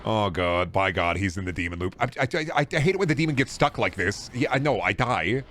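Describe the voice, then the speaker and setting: A man's voice: fairly low pitch, animated, fairly quick, fairly bright tone. A man streaming a game, rambling and joking with chat and swearing freely. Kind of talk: casual live gameplay commentary.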